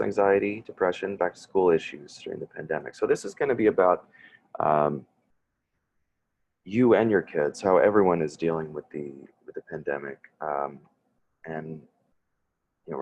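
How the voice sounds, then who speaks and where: This is a man with a deep, gravelly voice, presenting a parent wellness workshop over a video call. He talks in a halting, conversational way, backing up and restarting his sentences as he goes. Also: darkish tone. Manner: hesitant, full of fillers and restarts. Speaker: social worker leading a parent workshop.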